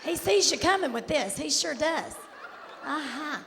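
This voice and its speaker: A woman from Kentucky with a Southern accent and a raspy voice, performing a sassy stand-up set. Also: high voice, animated, unhurried. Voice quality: raspy, hoarse-sounding voice all the time. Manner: sassy, drawling, loud bursts to the crowd. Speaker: stand-up comedian. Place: large theater stage. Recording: live stage with hall echo, faint noise.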